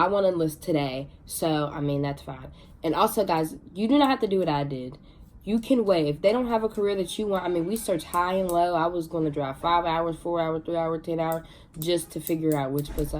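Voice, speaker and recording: A young woman vlogging, telling her own story in a chatty, excitable way with many fillers. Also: sits low, slight background noise. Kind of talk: casual storytelling to camera.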